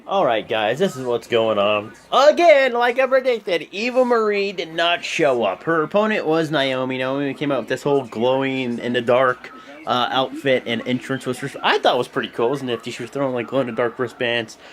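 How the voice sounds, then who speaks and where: A man's voice: mid-range voice, a little fast. A young man giving a rambling, casual video recap of a wrestling show at home, full of fillers. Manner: rambling, animated, lots of fillers. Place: home room with a TV.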